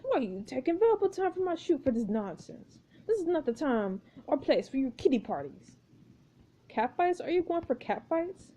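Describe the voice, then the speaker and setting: A pompous, eccentric film director from a story game speaks in stiff, grandiose phrases, as a woman reads him out. The voice sits high and swings widely in pitch, with a mellow, dark tone. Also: big pitch swings, normal speed. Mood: irritated.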